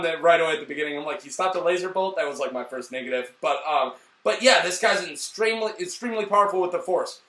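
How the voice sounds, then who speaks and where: A man reviewing a movie in casual chat, animated and swearing, acting out lines in loud bursts. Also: sits high, echoey room, recorded from a distance.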